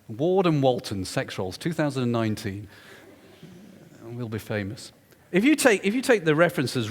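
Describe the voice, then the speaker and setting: A man telling a story during a public lecture, emphatic and confiding. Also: on the high side. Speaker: guest lecturer. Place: lecture hall. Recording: echoey lecture hall.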